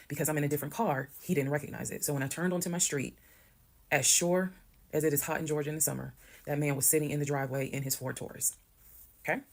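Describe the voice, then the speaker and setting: A woman calmly telling a detailed personal story, acting out what others said. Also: a bass voice, creaky. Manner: calm, detailed, quoting others. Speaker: storyteller in a video.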